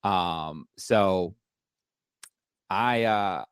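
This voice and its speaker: A man's voice: low-pitched, extremely slow, clean tone, no echo. A middle-aged man speaking candidly and reflectively as a podcast guest, with lots of fillers. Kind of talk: casual interview chat.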